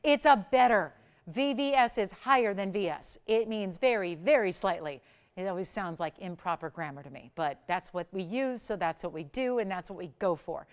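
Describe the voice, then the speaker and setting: A woman's voice: medium pitch, expressive, moderate pace. A woman in her forties hosting a live jewelry auction on a shopping channel, talking in chatty, emphatic sales patter.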